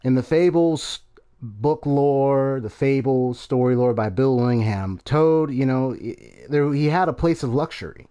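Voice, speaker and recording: A man's voice: medium pitch, measured pace, dark tone, clean tone. A man streaming a game and giving casual commentary, rambling with many fillers and restarts.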